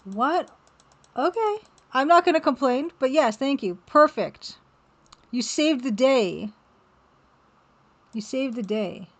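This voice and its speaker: Woman, casual live-stream chatter, slightly high voice, excitable, reads chat aloud. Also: slow, pauses often. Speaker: game developer streaming while drawing.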